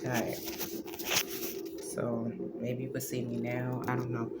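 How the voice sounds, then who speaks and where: A woman's voice: a bass voice, measured pace, pauses often, very noisy. A woman hosting her own vlog, talking candidly and rambling into a phone camera she handles herself at home, with lots of ums and repeats. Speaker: vlogger, channel host. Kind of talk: casual to-camera vlog chat.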